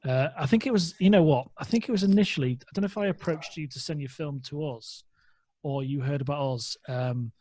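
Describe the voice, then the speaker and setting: A man's voice: on the high side, a little fast, mellow. A man hosting a podcast interview in a chatty way, often restarting his sentences. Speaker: podcast host. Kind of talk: casual interview chat.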